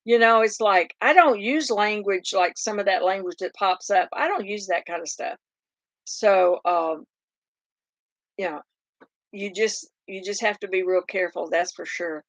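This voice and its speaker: A woman's voice: medium pitch, measured pace, no echo. A middle-aged woman with a thick Southern drawl chats unhurriedly with viewers on a farm livestream. She rambles and restarts her sentences, filling the gaps with ums. Her voice sits dry and close, with almost no room sound. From Oklahoma. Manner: chatty and rambling, many fillers and restarts. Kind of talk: casual live chat reading viewer comments.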